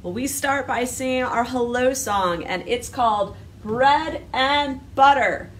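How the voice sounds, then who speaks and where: A woman's voice: high-pitched, slow, recorded from a distance, a little hiss or hum. A woman who is a children's librarian hosting a virtual storytime. She talks and sings playfully to young listeners and then reads a picture book aloud. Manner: animated, playful, sings a call-and-response song.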